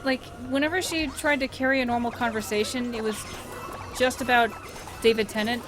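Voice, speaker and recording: A woman's voice: on the high side, steady tone, a little fast. A woman chatting casually with friends during a video game playthrough, laughing easily and breaking into shrieks. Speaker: co-commentator. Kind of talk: casual group let's play chat. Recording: gameplay music underneath.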